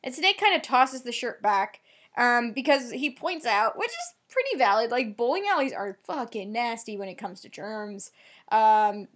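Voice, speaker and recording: A woman's voice: a little high, lively intonation, fairly bright tone. Chatty woman recapping a show. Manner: chatty, retells scenes with quick quoted lines. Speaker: podcast co-host. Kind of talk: casual chat recapping a TV episode.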